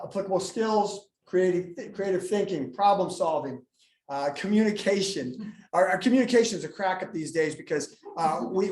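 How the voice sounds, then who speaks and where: A man, a school administrator, giving a live presentation to parents, telling funny stories and acting out students. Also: a little high. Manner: animated storyteller, jokes and acts out students. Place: school meeting room. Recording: echoey room, live meeting.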